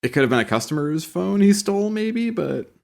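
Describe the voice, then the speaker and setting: A man's voice: high-pitched, big pitch swings, brisk, vocal fry. A man co-hosting a podcast in casual chat, joking and acting out quoted lines. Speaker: podcast co-host.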